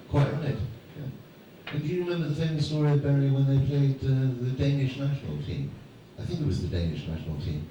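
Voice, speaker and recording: A man's voice: mid-range voice, lively intonation, moderate pace, mellow. A man on stage as a guest speaker, bantering with the audience and telling rambling, self-mocking anecdotes. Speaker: guest speaker at a fan event. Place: large hall before a live audience. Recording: echoey hall, distant mic, noisy.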